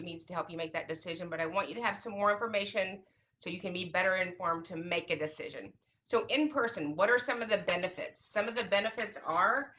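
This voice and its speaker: A woman who advises families on special education, talking straight to camera in a chatty way and acting out little quoted asides. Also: medium pitch. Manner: chatty, lively, acts out parents and kids in quick asides. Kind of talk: direct-to-camera advice talk.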